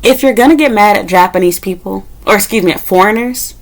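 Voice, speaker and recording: A woman's voice: medium pitch, fast talker, poor audio. Blunt, profane woman ranting. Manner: sarcastic, with mocking asides; emphatic, rising sharply on key points. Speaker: vlogger. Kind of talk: monologue rant to camera.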